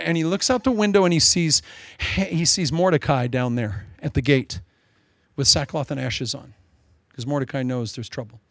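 A male pastor preaching a sermon, telling a story with lively, humorous asides. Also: on the high side, a little fast, no echo.

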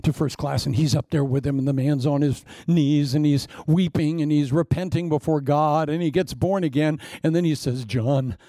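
A man's voice: a little high, fairly even intonation, moderate pace, hardly any pauses, warm tone, no echo, clean studio sound. An older man preaching as a pastor, telling humorous stories with a jokey, self-mocking manner and acting out quotes. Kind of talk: humorous storytelling sermon.

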